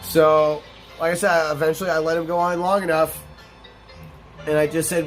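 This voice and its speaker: A young man telling a workplace story in a blunt, profane, animated way, acting out the quoted dialogue. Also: fairly high pitch, normal speed, pauses often. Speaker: gaming channel host telling a story. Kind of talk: casual storytelling over gameplay. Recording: voice over loud game music.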